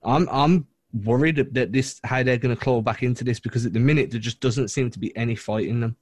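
A man's voice: mid-range voice, a little fast, darkish tone, husky, no room sound. Frustrated man hosting a sports podcast. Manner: blunt, frustrated game analysis. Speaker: podcast host. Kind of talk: casual sports podcast chat.

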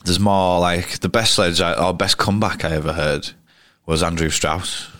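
A man's voice: sits low, fairly even intonation, moderate pace, fairly bright tone, no echo, studio quality. A man in his thirties, a cricketer guest telling anecdotes in a rambling, casual way full of restarts. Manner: rambling, frequent restarts and fillers. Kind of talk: casual storytelling interview.

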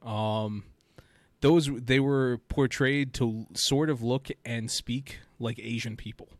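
A man's voice: mid-range voice, fairly even intonation, slow, no echo. A young man co-hosting a casual podcast, joking, laughing often and trailing off mid-sentence. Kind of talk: casual chat.

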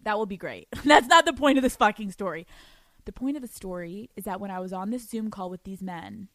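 A young woman hosting a podcast, telling a story in a casual, animated way, swearing freely and laughing often. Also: medium pitch, fairly quick, no echo. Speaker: podcast host.

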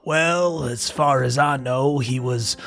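A super gruff, rough-edged informant in a tabletop game, voiced by a man. He trades gossip in a low, gritty voice. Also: slow, a bit bright. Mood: conspiratorial.

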